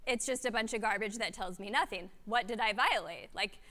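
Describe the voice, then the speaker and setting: A woman giving a keynote talk at a conference, telling a story with lively, animated delivery and acted-out quotes. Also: medium pitch, a little fast. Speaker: keynote speaker. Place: conference hall. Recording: long hall reverb.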